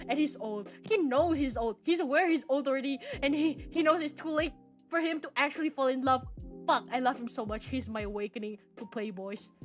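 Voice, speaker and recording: A young woman with a high, bright voice gushes excitedly to her viewers, stumbling over repeated words and swearing freely. Faint music plays behind her. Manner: gushing, breathless, swears a lot, repeats herself, bursts of laughter and shrieks. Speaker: streamer. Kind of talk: excited casual chat to viewers.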